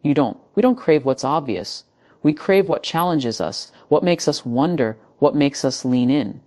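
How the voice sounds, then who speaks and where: Measured, emphatic woman motivational speaker. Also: low voice, animated, warm tone. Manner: measured, emphatic short phrases with dramatic pauses. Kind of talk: scripted motivational speech.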